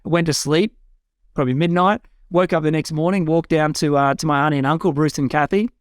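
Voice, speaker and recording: Speaking briskly in a fairly high, clean-toned voice, an Australian guest in his 40s recounts his life earnestly and frankly, sometimes quoting himself with excitement. The dry, clean studio recording comes from a home room with a bookshelf.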